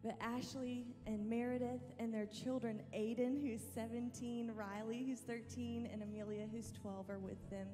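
A woman's voice: fairly high pitch, level tone, moderate pace, few pauses. A woman making friendly church announcements from the stage, introducing visiting missionaries. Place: large church sanctuary. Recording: live in a reverberant church with music.

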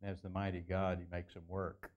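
A man preaching a sermon as pastor in a church, earnest, slowing down and lifting his voice to stress key phrases. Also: monotone, a little mellow, highs cut off. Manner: earnest preaching, slows and lifts pitch for emphasis. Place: church sanctuary.

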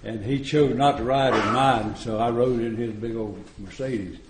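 A man's voice: medium pitch, fairly even intonation, moderate pace, background noise. A man speaking at a recovery retreat, telling stories in a folksy, joking way and chuckling often. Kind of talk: storytelling recovery talk. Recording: echoey room.

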